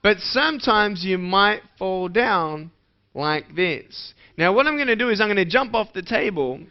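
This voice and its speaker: A man's voice: high voice, animated, a little slow. A man giving a motivational speech to schoolchildren in a playful way, asking the audience questions. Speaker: motivational speaker. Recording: dull lo-fi recording.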